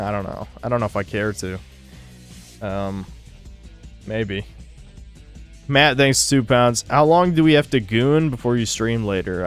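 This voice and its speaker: A man hosts a podcast in loose, casual chat, reading out viewer donations as he goes. His delivery is monotone, crude and offhand, often trailing off mid-thought. His voice is clear and smooth at a middling pitch. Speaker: podcast host and streamer.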